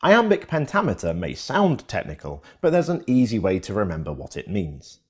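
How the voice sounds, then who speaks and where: Deep husky man narrating a lesson. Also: huge pitch swings, normal speed. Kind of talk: scripted educational narration.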